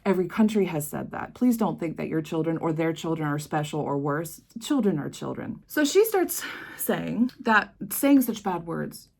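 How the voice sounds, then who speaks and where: A woman's voice: low voice, big pitch swings, moderate pace, gravelly, a little mellow. An American woman vlogging with impassioned, emphatic force, telling a personal story straight to camera. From United States. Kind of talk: emotional personal monologue.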